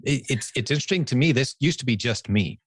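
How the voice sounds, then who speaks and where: A man's voice: mid-range voice, lively intonation, fast talker, husky, no room sound, clean studio sound. A man hosting an interview, upbeat and affirming as he asks about stories from the business he founded. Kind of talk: conversational interview.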